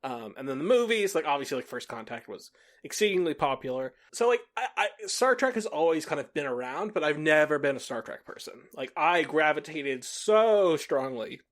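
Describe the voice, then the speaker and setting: This male co-host sits on the higher side, speaking at a normal speed with lively intonation and a fairly bright sound. In the casual podcast chat he curses without restraint, laughs often, and performs other people's lines.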